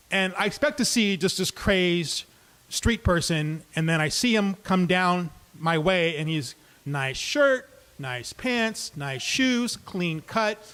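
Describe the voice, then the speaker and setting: A man's voice: sits high, fairly bright tone. A man telling a true personal story live on stage, talking conversationally and dropping in comic asides.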